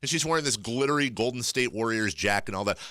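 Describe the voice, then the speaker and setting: A man's voice: medium pitch, animated, quick pace, bright, forceful tone, dry recording. A man hosting a sports radio show, joking and laughing with a guest in studio. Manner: joking, laughs often, reads live ad reads. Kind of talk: casual sports talk. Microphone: studio microphone.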